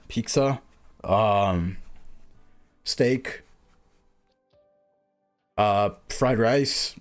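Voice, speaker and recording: A man streaming a game, chatting casually in a rambling, distracted way with lots of hesitation. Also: lowish voice. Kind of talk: casual game-reading livestream chat.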